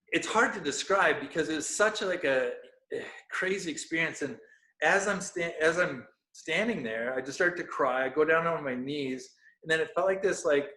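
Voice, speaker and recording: A man's voice: fairly high pitch, normal speed, sharp tone. A man in his thirties, a podcast guest, telling a personal story in an earnest way and searching for words with many fillers. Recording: echoey room.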